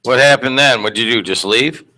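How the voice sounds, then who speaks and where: Male radio host, bright forceful voice, joking, teasing, casual morning banter. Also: mid-range voice, normal speed, slight background noise, rough recording.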